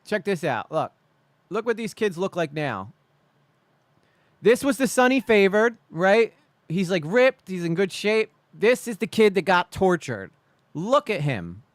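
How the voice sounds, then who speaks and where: A man's voice: high-pitched, big pitch swings, unhurried, no echo. A man streaming live, reacting to a video with indignant, profane rants.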